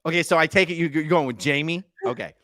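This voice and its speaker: A man's voice: on the high side, fast, bright, forceful tone, no echo, clean studio sound. A man co-hosting a casual podcast, playfully teasing and reading out viewer comments in bursts. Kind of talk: casual chat.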